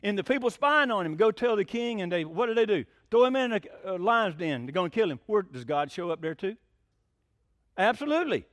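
A man preaching a sermon in a folksy, plain-spoken way, firing off rhetorical questions and getting worked up to near shouting. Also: sits high, expressive, brisk, no echo.

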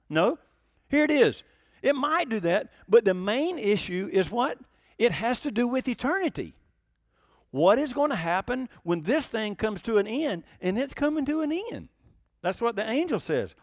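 A man's voice: extremely high pitch, big pitch swings, moderate pace, no echo, studio quality. A man preaching a sermon in an emphatic, conversational way, full of rhetorical questions. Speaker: pastor.

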